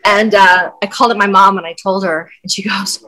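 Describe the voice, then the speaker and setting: A middle-aged woman speaks as a podcast guest, her voice pitched in an ordinary middle range. She tells her personal story in a candid, conversational way, dotted with "like" and "um". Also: fairly even intonation, a little fast, hardly any pauses, crowd noise, low-quality recording. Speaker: guest, wellness coach.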